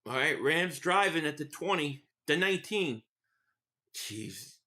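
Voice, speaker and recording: Blunt, bright-voiced sports streamer man. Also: on the high side, animated, unhurried. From Philadelphia area. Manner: rambling, blunt fan opinions, reads chat aloud. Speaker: live streamer. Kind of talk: casual live game-watch reaction.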